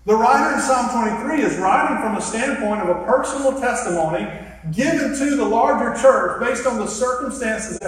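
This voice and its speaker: A man's voice: very high-pitched, expressive, normal speed. A man preaching a sermon as pastor, earnest and reflective, guiding his listeners through a simple hand gesture exercise. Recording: echoey hall from far off.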